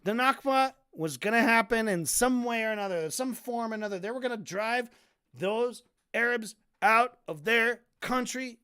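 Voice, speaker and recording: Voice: medium pitch, normal speed, bright, forceful tone, clean tone. Debate streamer, casual profane rant, sarcastic, stumbles and repeats words. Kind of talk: casual ranting commentary.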